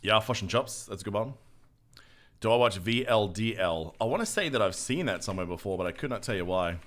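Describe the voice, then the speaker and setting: Young man, low-pitched voice, relaxed joking gameplay chat, casual swearing. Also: brisk. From Australia. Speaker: streamer.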